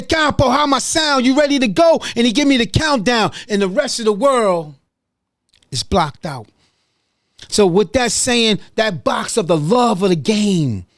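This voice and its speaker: High-voiced man repeating himself emphatically. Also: fairly bright tone, no echo, studio quality. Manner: repetitive, emphatic, talks to listeners directly. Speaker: podcast host. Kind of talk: solo podcast monologue. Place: small recording studio.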